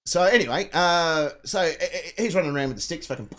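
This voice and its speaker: A man's voice: a little high, expressive, fairly quick, fairly bright tone. A man, co-hosting a live talk show and retelling a film plot in a rambling, sweary way, acting out the characters' lines. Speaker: co-host.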